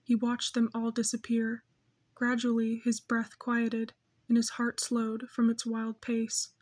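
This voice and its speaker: A woman reading a novel aloud in steady, measured scripted narration. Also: fairly high pitch. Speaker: audiobook narrator.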